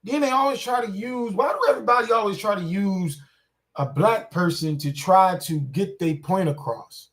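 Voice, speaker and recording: A man's voice: high voice, normal speed, fairly bright tone. A man giving casual reaction commentary on a clip, indignant and repetitive, talking straight to his viewers.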